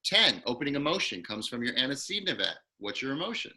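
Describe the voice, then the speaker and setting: A man with a very bright, forceful voice leads an acting class over a video call. He moves briskly from step to step and keeps prompting his student with quick, encouraging questions. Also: mid-range voice, very animated. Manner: quick, encouraging teacher walking a student through numbered steps. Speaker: acting coach.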